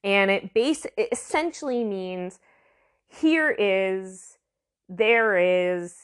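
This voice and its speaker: Slow-talking woman teaching a language. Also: medium pitch, clean tone. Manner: chatty, sounds out words slowly and repeats them. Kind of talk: casual language lesson.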